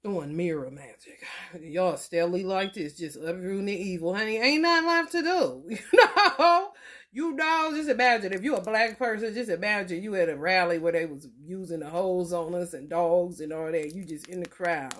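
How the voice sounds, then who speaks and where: A woman's voice: on the low side, moderate pace, few pauses. A woman, talking loosely and profanely in a casual tarot vlog. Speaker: tarot reader.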